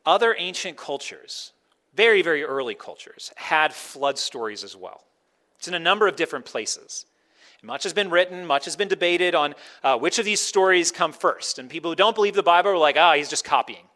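A man's voice: on the high side, lively intonation, normal speed, bright, forceful tone. A man preaching a sermon in a conversational way, often slipping into quoted voices to make his point. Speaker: pastor.

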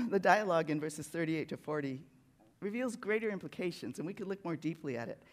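A preacher giving a sermon in a church sanctuary, talking in a conversational, animated way that tells a story. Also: mid-range voice, brisk.

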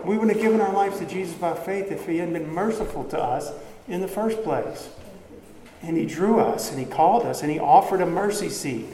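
Earnest preacher in an echoey church. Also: male voice, high-pitched, fairly quick, dark tone. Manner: earnest, repeats words, Southern phrasing. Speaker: pastor. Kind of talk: sermon. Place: church sanctuary. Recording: echoey church hall, faint ambience.

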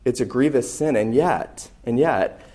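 A man's voice: medium pitch, measured pace, warm tone. A man preaching a sermon as a pastor, earnest and emphatic, leaning into key phrases.

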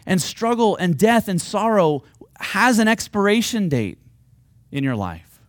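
A man's voice: sits high, sing-song, unhurried, no echo, clean studio sound. A man preaching a sermon, earnest and at times rising to fervent, pleading appeals. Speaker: pastor.

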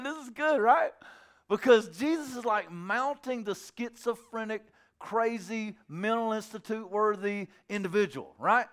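A man preaching an animated, joking sermon in colloquial talk, acting out the scripture scenes. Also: high-pitched, a little slow. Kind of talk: sermon with comic retelling.

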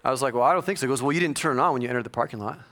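A male pastor preaching a sermon, telling a personal story with humor and bursts of loud excitement. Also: medium pitch, rapid-fire. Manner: animated storytelling with jokes and sudden loud bursts.

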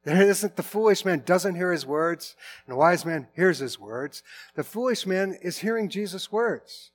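A middle-aged man preaching in a relaxed, conversational sermon, often restarting and correcting himself mid-sentence. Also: high-pitched, normal speed. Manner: informal, with frequent restarts and self-corrections. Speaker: pastor.

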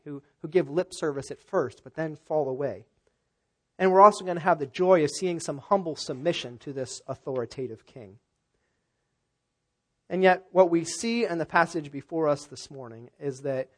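Man, middle-aged, pastor, sermon, fairly high voice, conversational, "uh" fillers.

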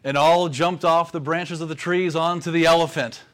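A man, a pastor, preaching a sermon with measured pauses. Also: fairly high pitch, fairly even intonation.

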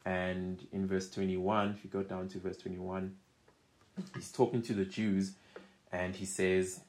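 A man's voice: deep voice, level tone, measured pace, darkish tone. A man teaching a Bible study, reading scripture aloud with rising emphasis and often checking in with "right?". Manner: conversational, keeps checking in with "right?".

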